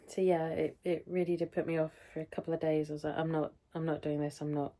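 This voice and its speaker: A woman's voice: deep voice, little pitch movement, fast, few pauses, warm tone, a little hiss or hum. A middle-aged British woman talking through a casual weekly health update vlog, rambling and chatty, often interrupting herself. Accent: British English. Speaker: vlogger.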